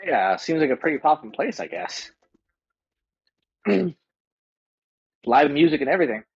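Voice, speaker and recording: A man in a tabletop game explains things quickly and casually, with wisecracks. His voice sits a little high. The audio is lo-fi and dull. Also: big pitch swings, breathy edge. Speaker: player.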